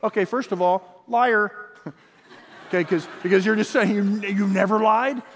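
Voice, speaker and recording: Brief: animated high-voiced man preaching a sermon, echoing church hall. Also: moderate pace, a little hiss or hum. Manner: animated, acts out quotes in voices. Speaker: pastor.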